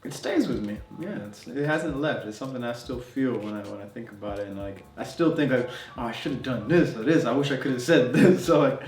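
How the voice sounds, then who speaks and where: A man's voice: medium pitch, animated, fairly quick, few pauses, darkish tone. A young man telling a travel story to camera in a loose, conversational way, with fillers and laughs. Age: young adult. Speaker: travel vlogger. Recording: roomy sound, distant mic, faint music.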